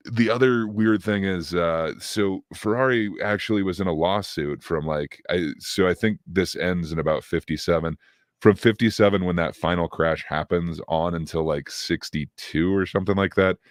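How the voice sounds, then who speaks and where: Man, very deep voice, podcast co-host, casual film review, rambling, lots of fillers, dry sound. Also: no room sound. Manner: rambling, hesitant, many fillers and restarts.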